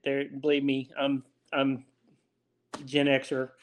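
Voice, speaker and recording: A man's voice: mid-range voice, steady tone, fairly quick. Laid-back Louisiana man, chuckling guest. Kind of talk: casual interview chat.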